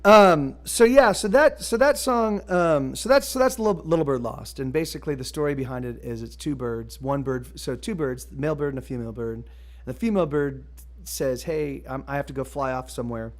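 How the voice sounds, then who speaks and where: A man streaming live as a musician, chatting casually between songs in a rambling, halting way, restarting his sentences often and swearing now and then. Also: on the high side, lively intonation. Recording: loud guitar music behind.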